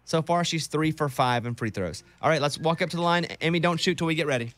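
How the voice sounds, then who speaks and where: A man's voice: on the high side, quick pace, fairly bright tone. A man hosting a radio show in casual chat, teasing his co-host playfully.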